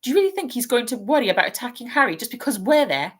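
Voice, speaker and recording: Woman doing teenage schoolgirl witch, high-pitched, loud, urgent, reproving, storybook reading. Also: big pitch swings, racing, breathy edge. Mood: anxious. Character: bossy anxious schoolgirl witch, teen. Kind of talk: storybook read-aloud.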